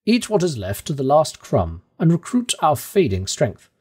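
A man's voice: a little high, huge pitch swings, moderate pace, darkish tone, breathy edge, full character voice. A man voicing a stern, determined older male professor in an audiobook reading, with a firm, lecturing manner. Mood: firm, resolute. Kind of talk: audiobook character voice.

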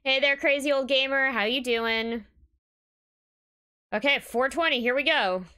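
A woman's voice: sits high, a little slow, pushed and bright, clear, resonant tone. A woman streaming a game, chatting casually and giggling as she greets viewers. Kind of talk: casual live-stream chat. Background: music.

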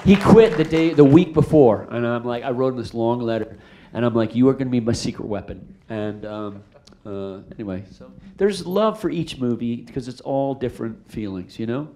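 A middle-aged male director takes questions in a theater after a screening. His voice sits at an ordinary middle pitch. He tells his stories with a rambling, animated energy, full of restarts and fillers. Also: normal speed, hardly any pauses. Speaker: film director answering audience questions. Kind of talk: casual storytelling Q&A.

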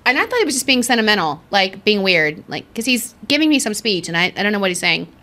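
A woman with a mid-range voice talks quickly as she co-hosts a podcast in a casual chat. She's an animated storyteller, acting out the many quotes in the tale she tells.

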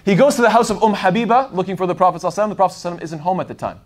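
Fast-talking high-voiced male lecturer. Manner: digressive, thinks aloud with many fillers. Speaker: Islamic lecturer. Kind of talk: casual explanatory talk.

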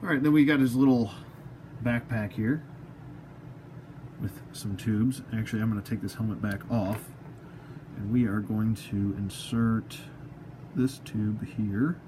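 A man's voice: fairly low pitch, measured pace, long pauses, background noise. Rambling man unboxing toys, jokey asides. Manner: rambling, self-mocking, talks to the toys. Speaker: toy collector reviewer. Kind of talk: casual unboxing review.

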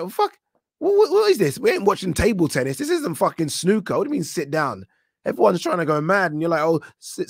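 A man hosting a live stream, chatting about boxing and reading out viewer comments, animated and swearing now and then. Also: medium pitch, no room sound, studio quality. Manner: animated, swears when worked up, many fillers. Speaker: boxing talk show host.

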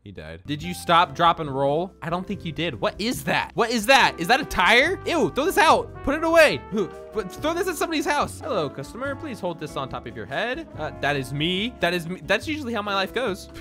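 Young male gamer, high bright voice, excitable and jokey commentary. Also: a little fast, few pauses, faint music behind. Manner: excitable, jokey, shouts and laughs often. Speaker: gaming video creator. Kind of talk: gameplay commentary.

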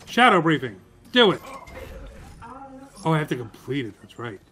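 A man giving casual, joking commentary while playing a video game, with excitable outbursts. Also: on the high side, normal speed. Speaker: gaming streamer.

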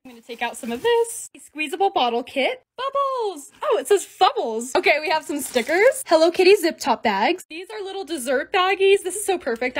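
A woman in her twenties narrating lifestyle clips in a casual, bubbly voice-over, gushing over small things. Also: sits high. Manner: bubbly, gushing, quick exclamations. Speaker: lifestyle creator.

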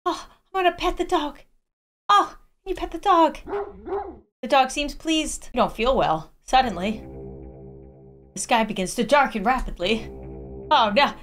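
Young woman gamer reading the story out, animated and dramatic, kinda high voice, faint music behind. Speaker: gaming YouTuber. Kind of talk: reading game text aloud and reacting.

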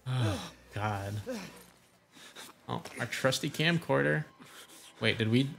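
Gravelly young man cracking crude jokes. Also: mid-range voice, slow, a bit bright, a little hiss or hum. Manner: crude, sarcastic, joking reactions. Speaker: gaming voice-over streamer. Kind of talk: casual let's-play commentary.

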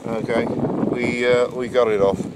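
A man's voice: medium pitch, flat delivery, unhurried. A man walking his dog along the coast, vlogging casually to his camera, talking to the dog and out of breath as he climbs. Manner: plain-spoken, talks to his dog. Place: outdoors on a windy coast. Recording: wind noise on the mic outdoors.

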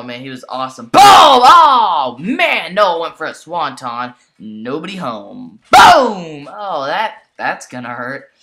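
A woman giving excitable mock play-by-play commentary on a toy wrestling match, exclaiming constantly and calling out to the folks. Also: very deep voice.

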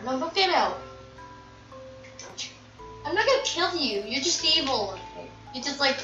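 This gameplay commentator is a woman whose high, sing-song voice comes across bright and forceful, a little slow, with long pauses. She talks casually, griping at the game and scolding the animals. The recording is dull and echoey from a distant mic, with game music underneath.

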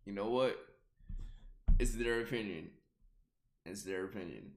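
A young man streaming a casual reaction to a video, excitable and quick to swear and burst out laughing. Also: fairly low pitch, creaky, roomy sound.

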